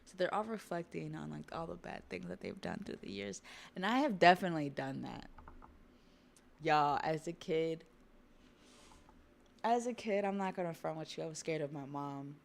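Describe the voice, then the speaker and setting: Chill woman w a deep raspy-ish voice yapping about manga panels to chat. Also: normal speed, pauses often. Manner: relaxed, chatty, lots of fillers and asides to viewers. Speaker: livestream host. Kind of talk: casual manga commentary while drawing.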